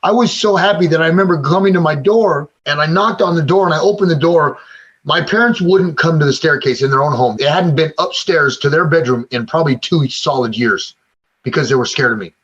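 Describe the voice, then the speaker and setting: This man in his forties has a husky, somewhat high and slightly bright voice, talking a little fast. A former gang member in recovery, he candidly recounts his story in an interview, raw, emotional and full of profanity, on a slightly dull lo-fi recording.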